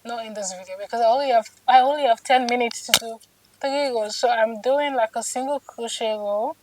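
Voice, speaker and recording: A woman's voice: fairly high pitch, fairly quick, recorded from a distance, background noise. A young woman vlogging while she crochets in her home studio, chatty and tired, often saying "like" and "guys". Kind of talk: casual vlog talk while crocheting.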